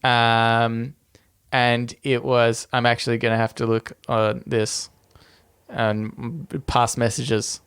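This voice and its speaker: Casting: young Australian male podcast co-host, smooth resonant tone, easy giggly rambling delivery. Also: mid-range voice, little pitch movement, takes it slowly, fairly bright tone. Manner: laughs often, loose and rambling. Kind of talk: casual chat.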